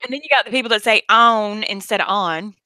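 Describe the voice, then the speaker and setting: A woman's voice: mid-range voice, lively intonation, fast, pushed and bright, no room sound. A woman from the Atlanta area hosting a late-night video call, joking brashly and swearing freely in casual chat.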